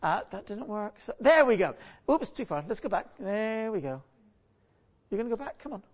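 With a high, sing-song voice at normal speed, a man preaching as a guest delivers a casual, humorous sermon on a church stage. He keeps throwing rhetorical questions at the congregation, restarting his sentences and repeating words. The audio is dull and lo-fi.

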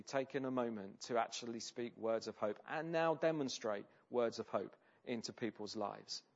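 A man preaching a sermon in a conversational way, often pausing with ums and restarting his sentences. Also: medium pitch, muffled recording. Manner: conversational, with many hesitations and restarts.

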